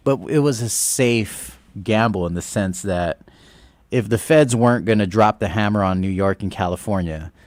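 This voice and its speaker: A man's voice: lowish voice, moderate pace, dry recording. A man hosting a radio talk show, telling a story casually, often laughing and acting out what people said. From Guam. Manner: animated, acts out quoted exchanges, laughs often. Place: radio studio. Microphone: studio microphone.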